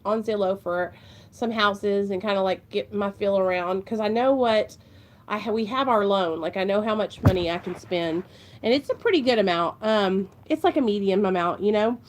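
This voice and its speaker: A woman's voice: mid-range voice, moderate pace. A young woman, chatting earnestly and emotionally to her vlog viewers, rambling and addressing them as "you guys.". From Ohio. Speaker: vlogger. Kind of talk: casual heartfelt chat to camera.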